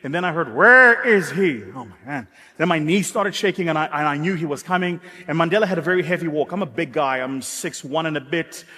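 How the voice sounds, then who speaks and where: A man's voice: fairly high pitch, quick pace, hardly any pauses. South African man telling a story onstage. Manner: animated, dramatic storyteller with self-mocking humor. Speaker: keynote speaker. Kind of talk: motivational keynote storytelling. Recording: echoey hall.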